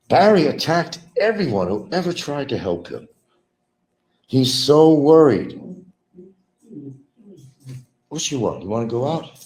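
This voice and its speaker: Bitter ranting man, wildly swinging pitch. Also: wildly swooping pitch, normal speed. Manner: bitter, repetitive, mocking, swings from mutters to loud outbursts. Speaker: livestream host. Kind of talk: rambling livestream rant.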